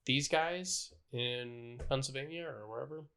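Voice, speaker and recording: A man's voice: mid-range voice, a little slow, gravelly, bright, forceful tone, clean tone. A man on a casual discussion podcast making blunt, crude remarks.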